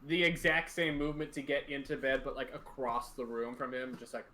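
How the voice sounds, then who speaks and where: A man's voice: medium pitch, level tone, a little fast, pushed and bright. A man voicing his character in a tabletop game, rambling and hesitant. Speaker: player. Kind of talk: casual role-play chat.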